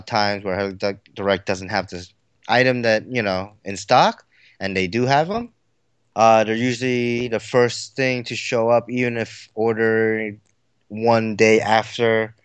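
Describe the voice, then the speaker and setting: 一位男性播客联合主持人，随意闲聊，说话啰嗦，常带填充词，笑声不断。. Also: male voice, fairly low pitch, clean tone, no echo. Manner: rambling, filler-heavy, laughs easily. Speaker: podcast co-host. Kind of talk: casual chat.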